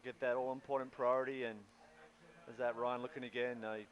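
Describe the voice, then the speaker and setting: A man's voice: medium pitch, level tone, fairly quick, muffled recording. A man with a New Zealand accent giving easygoing color commentary at a live sports event. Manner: laid-back, easygoing, says mate.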